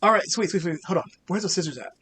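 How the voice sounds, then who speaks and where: A man's voice: high-pitched, animated, fast, a bit bright, slight background noise. A man voicing a creepy young male anime-obsessed customer who talks in a mumbled, rambling way. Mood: eager.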